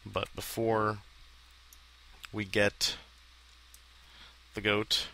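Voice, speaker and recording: A man's voice: lowish voice, slow, creaky, long pauses, sharp tone, a little hiss or hum, low-quality recording. A man hosting a casual video game let's play, rambling and joking with self-deprecating asides as he plays. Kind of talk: casual gameplay commentary.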